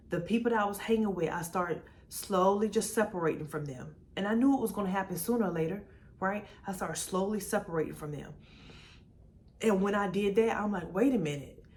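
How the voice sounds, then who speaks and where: A woman in her forties giving a lively, chatty talk about her faith to camera, calling the viewer baby and girl. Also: medium pitch, slight background noise. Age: 40s. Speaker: vlogger sharing her testimony.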